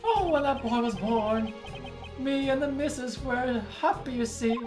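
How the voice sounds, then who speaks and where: A woman's voice: sits high, unhurried. A woman voicing a jovial older police chairman who dotes on his son, speaking in a folksy grandfatherly way. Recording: echoey room with music behind.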